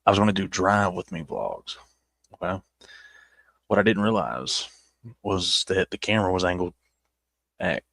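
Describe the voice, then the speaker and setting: A man's voice: low-pitched, sing-song, moderate pace, gravelly, long pauses, fairly bright tone, no echo. A man with a Southern accent chatting casually as he looks back on his old videos, rambling and poking fun at himself. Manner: rambling and self-mocking, with many restarts. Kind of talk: casual chat.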